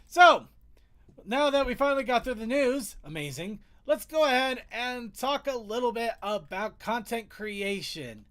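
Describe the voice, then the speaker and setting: A man hosting a casual online chat show, excitable and quick to laugh. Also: very high-pitched. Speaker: podcast host.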